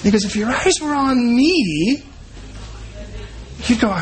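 A man preaching a sermon in an animated way, acting out the voices of the people he quotes. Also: extremely high pitch, slow pace, pauses often. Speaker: pastor.

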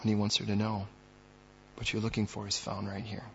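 Male pastor, gravelly husky voice, sermon delivery that swings loud to hushed, dull lo-fi recording. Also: lowish voice, completely flat delivery, fairly quick, slight background noise.

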